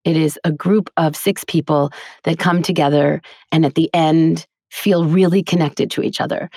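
In a casual interview, a chatty middle-aged woman from Queens who works as a voice actor and teacher animatedly recounts stories and laughs a lot. She has a faint New York accent and a low voice with vocal fry. The studio recording is clean, with no room sound.

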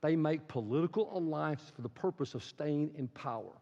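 A man's voice: fairly high pitch, moderate pace. A man preaching an impassioned, emphatic sermon as pastor in a church. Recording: echoey hall, dull sound.

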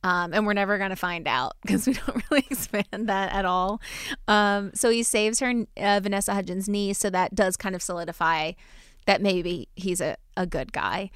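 A woman hosting a casual movie podcast, wry and quick to laugh. Her voice is smooth and even, and the recording is dry and close. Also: mid-range voice, dry recording. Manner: wry, laughs often, runs the segments. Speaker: podcast host. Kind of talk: casual movie recap chat.

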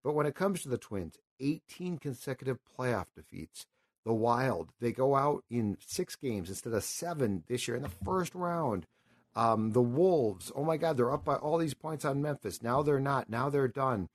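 A man's voice: mid-range voice, expressive, moderate pace. Man, 50s, sports talk host, rambling, impassioned, emotional storytelling.

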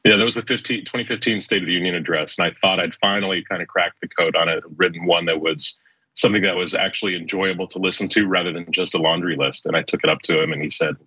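A man, a former speechwriter, telling stories as an interview guest with fast, animated delivery and frequent restarts. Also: sits low, breathy edge, no room sound, lo-fi sound.

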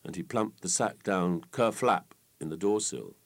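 A man reading an old folk tale aloud with lively, expressive storytelling. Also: low-pitched, a little slow.

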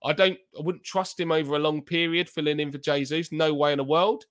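A man's voice: fairly high pitch, steady tone, brisk, fairly bright tone. A man, a football podcast pundit talking in heated, emphatic casual chat and repeating his points.

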